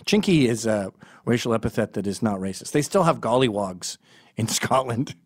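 A man's voice: lowish voice, normal speed, gravelly, slightly rough. Profane, rambling male storyteller. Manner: rambling, profane, deadpan asides. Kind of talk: comedic storytelling monologue.

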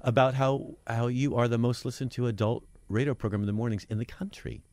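A comedian guest bantering on a morning radio show, telling animated stories. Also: male voice, medium pitch, a little fast, no echo. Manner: animated, storytelling, acts out yelling.

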